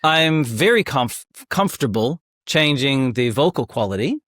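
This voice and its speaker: A man of middle pitch hosts a casual conversation, relaxed and candid. He talks openly about his own weak spots. The recording is dry and close. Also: measured pace, no echo. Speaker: host. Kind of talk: casual interview chat.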